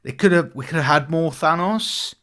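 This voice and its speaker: A man's voice: a little high, normal speed, fairly bright tone. A British man co-hosting a podcast, chatting casually, swearing freely and often stumbling and restarting mid-sentence. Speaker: podcast co-host. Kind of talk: casual chat.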